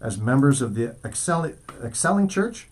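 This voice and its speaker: A man's voice: medium pitch, sing-song, normal speed, darkish tone. A man hosting a morning radio show, reading news items aloud and joking with his co-host. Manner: reads news items aloud, then jokes around. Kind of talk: casual radio chat.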